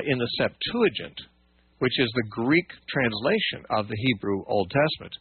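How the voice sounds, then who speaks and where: A man with a husky voice teaches scripture on a call-in radio program, unpacking points patiently and restarting his sentences. The sound is dry and narrow, like a phone line. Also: mid-range voice, dry recording. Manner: patient, explanatory, many fillers and restarts.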